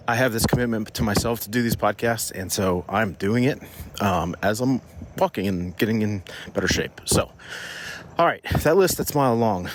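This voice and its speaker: A man with a medium-pitched voice records his easygoing business podcast outdoors during a morning stroll, with some light background noise. The walking leaves him a bit short of breath, and his talk meanders with frequent restarts.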